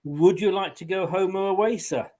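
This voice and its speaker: A man's voice: high voice, moderate pace, mellow. A man hosting a casual online football quiz, chatty and laughing often as he talks. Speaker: quiz host.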